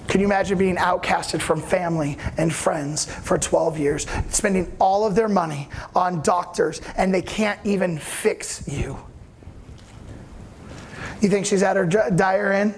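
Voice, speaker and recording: High-voiced preacher checking in with listeners. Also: male voice, a little slow, slight background noise. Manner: acts out voices in the story. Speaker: pastor. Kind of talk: sermon.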